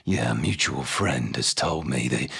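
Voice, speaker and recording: A man voicing a threatening male character in a low, quiet, muttering voice. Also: lively intonation, a little slow, gravelly, slightly rough, heavily acted. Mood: menacing. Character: menacing man of mid-twenties, threatening, lowered voice.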